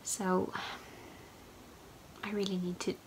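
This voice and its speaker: A woman's voice: medium pitch, flat delivery, slow pace, darkish tone, a little hiss or hum, poor audio. A woman hosting a knitting podcast, chatting casually and rambling with plenty of fillers as she shows yarn to the camera. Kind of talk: casual chat showing yarn.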